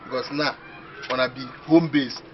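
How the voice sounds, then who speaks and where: An actor playing an excitable, boastful young village man who talks in Nigerian Pidgin English. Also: medium pitch, normal speed, close to an everyday voice. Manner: boastful, excitable, laughing often. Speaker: villager dreaming of going to the city. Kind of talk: comedy film acting. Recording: muffled film audio with faint hiss.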